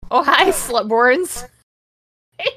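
A woman's voice: high-pitched, animated, slow pace, sharp tone. Sarcastic woman podcaster reading aloud. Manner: sarcastic, swears freely, mocks the text. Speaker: podcast host. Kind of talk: comedic dramatic reading with commentary.

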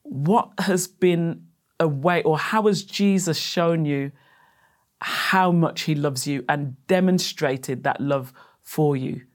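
An interviewer on a faith program, speaking in a gentle, reflective, sermon-like way. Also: medium pitch, takes it slowly. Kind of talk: interview hosting.

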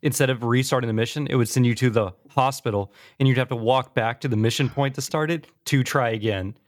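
A man's voice: medium pitch, fast. A man hosting a casual gaming podcast, telling stories animatedly and peppering his talk with "like". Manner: animated storytelling, mimics friends; casual, fillers like "like". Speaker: podcast host.

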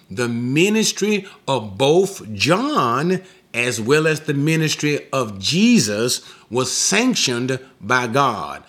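A man preaching an expository sermon, teaching slowly and deliberately and pressing points with emphatic rising questions. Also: mid-range voice, fairly bright tone. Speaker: pastor.

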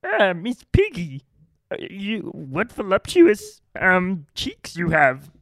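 A man voicing a croaky, lecherous little Yoda-like creature, talking in slow, halting, wooing lines. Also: high voice, huge pitch swings, fairly bright tone, no room sound, clean studio sound, voice pushed up, heavily acted. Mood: leering.

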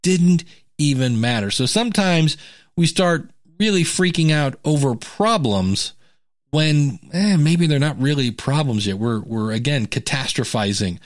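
A man hosting a podcast in a casual, conversational way, animated and acting out quoted thoughts. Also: a little high, a little slow, dry recording, clean studio sound. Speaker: podcast host.

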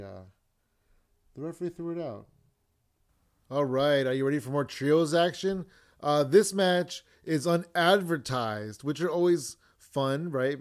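A man's voice: mid-range voice, darkish tone, clean tone. A man hosting a podcast, casually recapping a show in a rambling way, losing his place now and then and acting out what people said. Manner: rambling, loses his place, acts out quotes. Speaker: podcast host.

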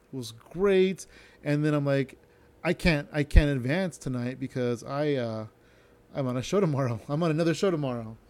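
A man's voice: on the high side, darkish tone. A young adult man, a stand-up comedian, talking casually and rambling on a solo podcast, who tends to slur his words and swears freely.

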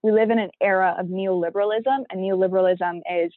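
A woman's voice: medium pitch, fairly even intonation, fast, dry recording. A young woman from Toronto, a podcast interview guest, explaining her views in an earnest, thoughtful way. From Toronto, Canada. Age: young adult. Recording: dry phone-like audio.

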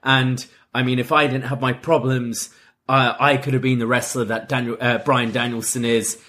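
A man co-hosting a podcast, chatting casually and agreeably with quick asides. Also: mid-range voice, flat delivery, pushed and bright. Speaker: podcast co-host.

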